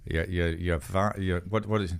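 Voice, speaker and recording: Swearing, jokey Irish man, low voice. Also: steady tone, normal speed, creaky, clean tone. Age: middle-aged. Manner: profane, jokey and rambling. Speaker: podcast host. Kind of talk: casual chat.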